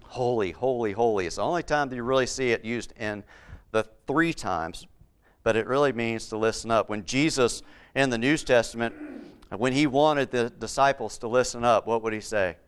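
A man's voice: mid-range voice, moderate pace, clear, resonant tone. A man preaching a Bible-teaching sermon, repeating key words for emphasis and putting questions to his listeners.

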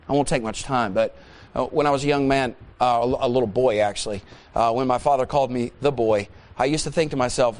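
Man preaching an animated sermon. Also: medium pitch, quick pace. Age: 40s. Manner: animated storytelling, emphatic repetition. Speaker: pastor.

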